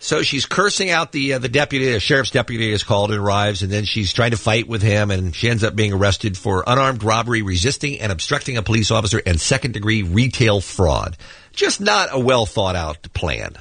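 A man's voice: lowish voice, expressive, a little fast, fairly bright tone, dry recording. A man hosting a radio talk show, telling a story in a wry, conversational way. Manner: wry, storytelling with asides and fillers. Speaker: radio host.

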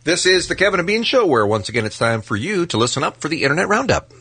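A man's voice: on the high side, sing-song, quick pace, sharp tone, a little hiss or hum. A man co-hosting a radio talk show, reading stories with a wry, laughing manner.

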